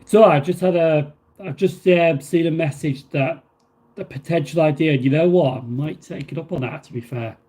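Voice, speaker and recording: A man's voice: fairly high pitch, moderate pace, dark tone. A man hosting a casual livestream, reading viewer messages aloud and answering them in a rambling, filler-heavy way. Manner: rambling, with many fillers and restarts. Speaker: livestream host.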